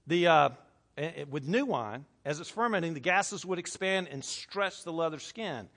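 A man's voice: on the high side, fairly bright tone. A man preaching a sermon, reading scripture aloud with emphasis and asking the congregation questions. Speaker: pastor.

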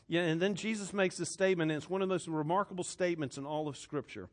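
A male pastor delivers a sermon in an earnest, conversational way, reading scripture aloud and then talking it through. His voice sits slightly high for a man. He restarts and repeats words as he goes. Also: quick pace, few pauses.

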